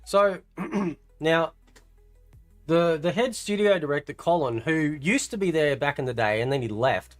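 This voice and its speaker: A man's voice: on the high side, animated, a little slow, faint music behind. A man with an Australian accent giving blunt, frustrated video commentary, often tagging his sentences with "right". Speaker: YouTuber.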